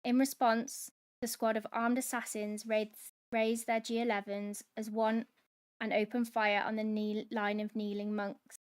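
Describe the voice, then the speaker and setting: A woman hosting a book club, reading a novel aloud in steady dramatic narration. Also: on the high side, unhurried, smooth.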